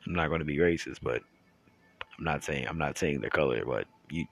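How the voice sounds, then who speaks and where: A man with a very low, deep voice talks to his channel's viewers in a loose, rambling monologue, stopping and restarting his sentences often. The sound is dry and close, with no room echo. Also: vocal fry, fairly bright tone, slightly rough, faint music behind. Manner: rambling, halting with many restarts. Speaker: YouTuber. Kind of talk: casual monologue.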